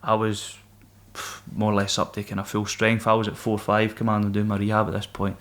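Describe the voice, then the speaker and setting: A man's voice: lowish voice, completely flat delivery, a little fast. A young Scottish man, a former Marine guest on a podcast, telling stories in casual, sweary banter. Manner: swearing, banter-filled storytelling. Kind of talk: casual chat.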